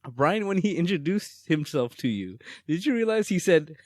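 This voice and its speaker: A man's voice: a little high, normal speed, no room sound, studio quality. A young man co-hosting a podcast in casual chat, telling stories with lots of laughter. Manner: laughs often, animated storyteller. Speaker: podcast co-host.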